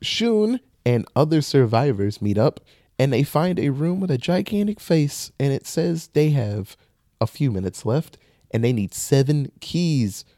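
Animated man recapping a movie. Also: medium pitch, a little slow, no room sound, studio quality. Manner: animated retelling with laughs and acted-out quotes. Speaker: podcast host.

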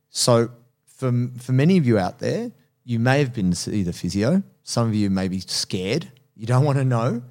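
A man's voice: mid-range voice, very animated, moderate pace, a little mellow. A man hosting a casual podcast, talking animatedly about jiu-jitsu coaching, laughing often and swearing casually.

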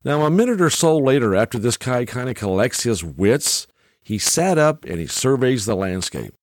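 A man's voice: medium pitch, big pitch swings, moderate pace, no echo, clean studio sound. A man in his sixties hosting a podcast, telling a story in a casual monologue, chuckling often and tagging his lines with "okay?". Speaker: podcast host.

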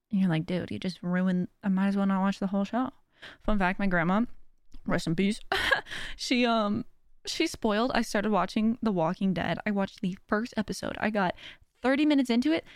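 A woman's voice: mid-range voice, dry recording, clean studio sound. A young woman hosting a podcast, talking casually and self-deprecatingly, often laughing and acting out what others said. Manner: chatty, self-deprecating, laughs often, acts out quoted voices. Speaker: podcast host. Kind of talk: casual personal chat.

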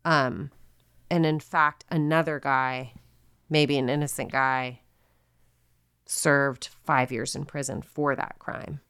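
Low-voiced woman telling a true-crime story. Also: level tone, slow, long pauses, fairly bright tone, smooth, no room sound, studio quality. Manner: chatty, filler-heavy, quotes people in asides. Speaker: podcast co-host.

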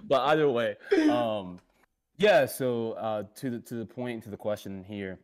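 A man's voice: mid-range voice, expressive, measured pace, darkish tone. A young man co-hosting a casual panel chat, rambling with many fillers and restarts, slipping into giggles. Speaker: podcast co-host.

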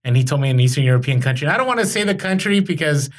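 A man hosting a casual podcast, telling animated, rambling stories about reselling. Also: fairly high pitch, rapid-fire.

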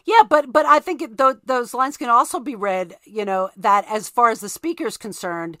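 A woman's voice: fairly high pitch, moderate pace, fairly bright tone, no echo, studio quality. A woman in a casual literary discussion who makes her points emphatically and keeps asking "right?".

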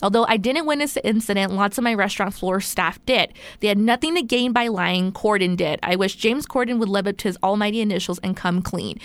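A woman's voice: medium pitch, a little fast, few pauses, clear, resonant tone, no echo. A woman co-hosting a casual podcast, recounting a news story in a chatty way. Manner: chatty storyteller, many fillers. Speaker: podcast co-host.

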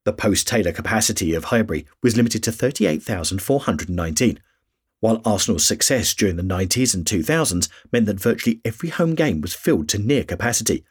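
Male podcast host, scripted history narration, raspy voice, animated intonation. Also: on the low side, quick pace.

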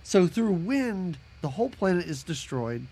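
A man's voice: high-pitched, big pitch swings, a little slow, dark tone, breathy edge. A man co-hosting a podcast, chatting casually about a movie with wry, joking asides. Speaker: podcast co-host. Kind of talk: casual movie recap chat.

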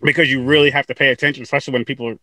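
A man's voice: medium pitch, level tone, racing, pushed and bright, no room sound. A man hosting a podcast, chatting casually with guests, laughing often and repeating words as he talks. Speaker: podcast host. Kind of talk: casual interview chat.

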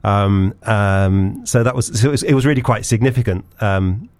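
A man's voice: lowish voice, normal speed, a little mellow, clear, resonant tone, no room sound. A middle-aged man chatting as a guest on a radio show, rambling and hesitant with lots of ums and restarts, laughing easily. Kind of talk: casual radio chat. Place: radio studio. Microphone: studio microphone.

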